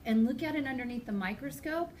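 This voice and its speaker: A woman biology teacher lecturing her class in a chatty, animated way, mixing lessons with personal stories. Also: high-pitched, fast talker, slight background noise. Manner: chatty, animated storytelling, talks to students directly. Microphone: iPad screencast recording.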